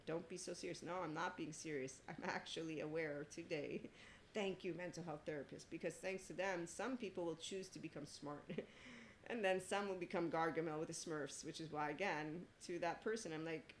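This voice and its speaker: A woman's voice: low voice, a little hiss or hum, rough recording. A woman hosting a podcast in a casual, rambling monologue, sarcastic and laughing often. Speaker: podcast host.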